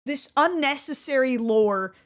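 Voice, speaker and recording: A young woman hosting her channel, rambling through casual commentary on her old videos. She restarts her sentences often and laughs along the way. Her voice sits high. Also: lively intonation, a little slow. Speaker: YouTuber host.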